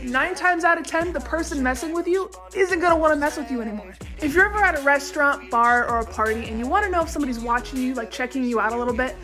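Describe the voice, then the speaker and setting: A woman's voice: high-pitched, fairly bright tone. A young woman delivering a blunt, swear-heavy comic list of facts in a mock-authoritative tone. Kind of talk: deadpan fact-listing comedy rant.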